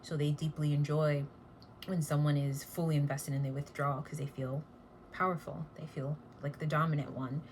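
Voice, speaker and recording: Low-voiced blunt woman reading tarot. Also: flat delivery, moderate pace, a little hiss or hum. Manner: blunt and chatty, swears casually. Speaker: tarot reader.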